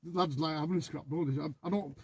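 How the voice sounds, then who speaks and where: A man's voice: fairly high pitch, steady tone, brisk. A man in casual conversation who rambles and boasts, swears freely and keeps asking "you know what I mean?". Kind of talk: casual chat.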